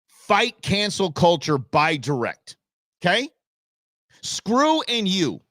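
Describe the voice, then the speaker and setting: Male talk host, middle-aged, blunt and exasperated; lively, somewhat high voice, dry studio sound. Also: slow, no echo. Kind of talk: opinionated live show rant.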